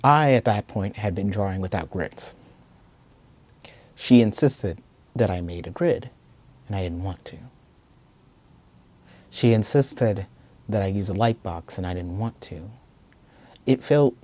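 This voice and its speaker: Soft-spoken man with a husky, mellow voice. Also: lowish voice. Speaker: video essayist. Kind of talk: reflective personal storytelling.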